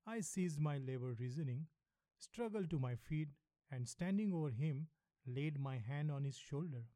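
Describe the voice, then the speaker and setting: A man narrating a novel in the first person, reading in a measured, matter-of-fact way. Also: on the high side, animated, warm tone, no room sound. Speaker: audiobook narrator.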